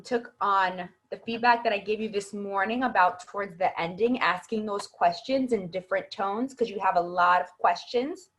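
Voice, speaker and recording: A woman acting coach giving patient, encouraging feedback to students in an online class over a video call. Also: medium pitch. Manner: encouraging, patient, explains at length. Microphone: video call microphone.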